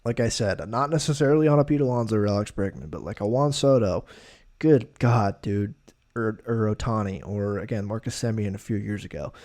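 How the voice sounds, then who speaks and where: A man hosting a solo sports podcast, talking casually in an opinionated, animated way with loose fillers. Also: on the low side, a little fast. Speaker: podcast host.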